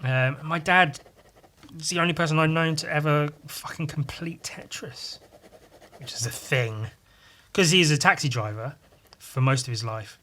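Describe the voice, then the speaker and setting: A man's voice: on the high side, normal speed, pushed and bright. A man hosting a podcast, talking in a casual, rambling monologue that is full of swearing and asides. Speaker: podcast host.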